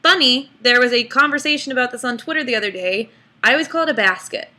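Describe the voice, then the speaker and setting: Bright-voiced woman vlogging. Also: on the high side. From Texas. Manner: chatty, self-mocking, drawn-out word reading. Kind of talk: casual vlog talking to camera.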